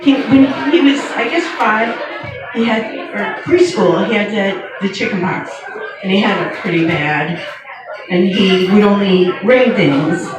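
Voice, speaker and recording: A woman in her fifties doing a stand-up comedy set, telling stories in a wry, deadpan way with pauses before the punchlines. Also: mid-range voice, music in the background. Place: comedy venue. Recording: echoey room heard from far off, with noise.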